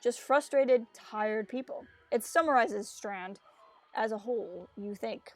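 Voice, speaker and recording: A woman's voice: on the high side, a little slow. A woman on a casual gameplay stream, reading the story text aloud and slipping into playful voices for the characters between chatty asides. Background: faint game music.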